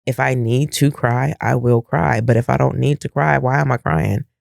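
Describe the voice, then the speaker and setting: A man's voice: medium pitch, steady tone, moderate pace, creaky, dry recording, studio quality. A middle-aged man co-hosting a casual podcast chat, reflective and emphatic, firing off rhetorical questions. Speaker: podcast co-host.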